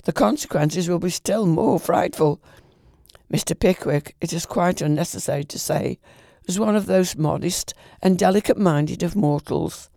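A man reading a classic novel aloud at an unhurried pace, stumbling and restarting now and then. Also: on the high side, creaky, warm tone, no room sound, clean studio sound. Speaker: reader.

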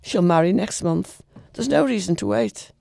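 A woman's voice: lowish voice, lively intonation, normal speed, gravelly, warm tone, no room sound, studio quality, exaggerated voice. A woman doing a weary, humouring middle-aged daughter. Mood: tired firmness. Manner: humouring, coaxing.

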